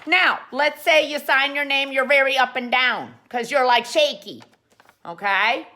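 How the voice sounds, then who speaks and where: A woman's voice: high-pitched, unhurried, bright, forceful tone. A woman hosting a comic how-to show, playful and rambling, full of jokey asides. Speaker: host.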